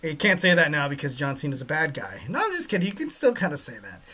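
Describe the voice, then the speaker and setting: A man's voice: on the high side, sing-song, quick pace, bright, forceful tone. A man hosting a podcast, giving casual wrestling commentary in a rambling way with many fillers and joking asides. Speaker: podcast host.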